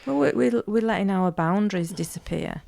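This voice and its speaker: A woman's voice: mid-range voice, animated, brisk, vocal fry, darkish tone, no echo. A woman co-hosting a wellbeing podcast, chatting casually and telling anecdotes. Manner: chatty, anecdotal, laughs easily. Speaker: podcast co-host.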